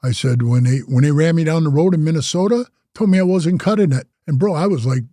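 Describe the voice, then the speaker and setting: Speaking fast in a slightly high voice, an older man, a former biker club president, casually tells his life story. He's an animated storyteller who acts out other people's voices and says "bro" often, captured in a dry, clean studio recording.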